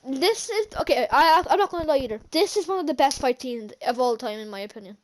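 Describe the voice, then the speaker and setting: High-voiced woman rambling through a movie recap. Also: expressive, fast. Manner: rambling, hesitant, many fillers and restarts; chuckles often while recounting scenes. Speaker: channel host, film reviewer. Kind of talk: casual movie recap vlog.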